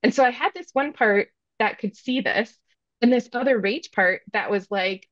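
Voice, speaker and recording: Thirtysomething mom on a podcast, telling it straight with lots of likes and ums, dry kinda dull lo-fi audio. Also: female voice, on the high side, moderate pace, dry recording. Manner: frank, self-reflective, many fillers. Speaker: podcast guest. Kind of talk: candid storytelling.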